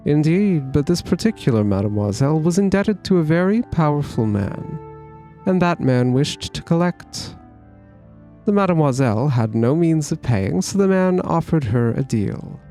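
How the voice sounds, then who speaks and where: A smooth, theatrical male bird con man in a video game, voiced by a man reading the lines, spinning his answers in a grand, flowery manner. The voice sits a little high for a man, and faint game music plays beneath it. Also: warm tone. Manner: grand, flowery storytelling delivery.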